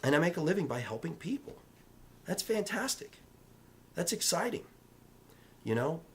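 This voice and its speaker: A man's voice: on the high side, very animated, moderate pace, slight background noise. A man in real estate speaking in a casual vlog, giving emphatic, repetitive motivational advice in a coaching tone.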